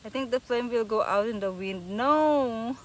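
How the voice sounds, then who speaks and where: A woman's voice: on the high side, unhurried, low-quality recording. A woman chatting on a live stream, nervous and giggly, saying again and again that she is scared. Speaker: livestream host. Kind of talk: casual live-stream chat. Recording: loud outdoor background noise.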